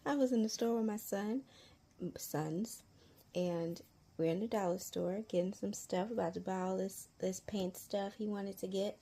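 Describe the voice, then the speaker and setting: A woman sharing parenting advice in a casual storytelling vlog, chatty and quick to laugh, repeating her key points, recorded at home. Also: medium pitch, dark tone. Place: at home near a humming fridge. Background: faint fridge hum.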